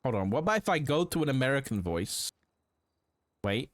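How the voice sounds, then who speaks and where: A man's voice: medium pitch, very animated, brisk, no echo. A man streaming a roleplay game, chatting casually and rambling with lots of fillers and swearing.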